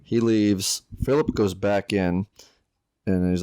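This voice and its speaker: A young adult man co-hosting a podcast, recapping a film in a dry, deadpan way. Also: sits low, normal speed, clean tone, no room sound. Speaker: podcast co-host. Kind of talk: casual chat, recapping a film.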